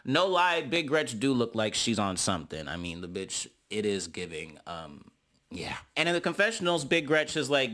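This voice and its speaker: A man's voice: mid-range voice, sing-song, moderate pace, bright, forceful tone. A man recapping a reality TV episode in casual, sassy commentary full of slangy asides.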